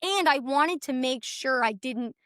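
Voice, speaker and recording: A young woman with a somewhat high voice tells her own story as a podcast guest, earnest and tumbling, restarting sentences and acting out what others said. The sound is dry and close, with no room around it. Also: expressive, a little slow, a bit bright, clean tone, dry recording. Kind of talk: personal storytelling.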